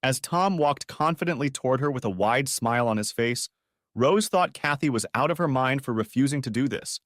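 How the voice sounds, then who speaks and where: A man's voice: mid-range voice, lively intonation, moderate pace, fairly bright tone, no echo, studio quality. Man narrating a dramatic audiobook. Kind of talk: scripted story narration.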